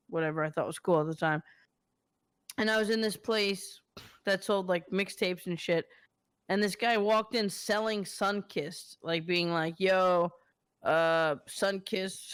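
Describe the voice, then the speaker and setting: Smooth-voiced man telling profane stories. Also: high-pitched, fairly bright tone, no room sound. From New York area. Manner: profane, loose storytelling full of fillers. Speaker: podcast host. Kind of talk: casual podcast chat.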